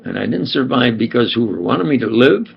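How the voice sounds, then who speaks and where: A man's voice: medium pitch, very animated, fairly quick, creaky, breathy edge, dull audio. An older man from New York with a New York accent, rambling emphatically and repeating himself in a home monologue. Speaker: self-styled scientist and preacher.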